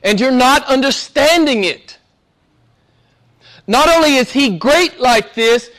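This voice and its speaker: A man with a Southern American accent preaching a sermon with passion, swinging between loud emphasis and hushed asides. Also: extremely high pitch, slow pace, long pauses. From Southern United States. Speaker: pastor.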